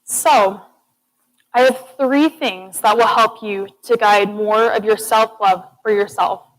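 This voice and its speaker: A woman's voice: medium pitch, steady tone, slow, rough recording. Young woman giving an earnest student talk. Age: young adult. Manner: earnest, encouraging, addresses audience as "guys". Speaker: student speaker. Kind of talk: TED-style presentation. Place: classroom or lecture hall.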